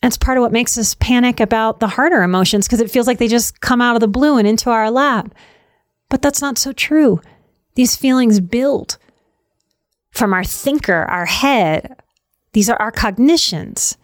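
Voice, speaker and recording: A middle-aged woman with a fairly high voice talks earnestly to her listeners, leaning on repetition for emphasis. The recording is close and dry, with no room sound. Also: no echo. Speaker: podcast host on anxiety. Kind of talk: reflective talk to listeners.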